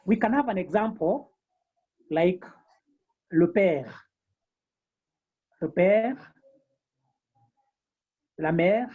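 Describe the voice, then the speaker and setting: A woman teaching a beginners' French class over a video call, slowly repeating each term several times. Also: fairly low pitch, expressive, breathy edge, phone-quality sound. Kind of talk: online language lesson.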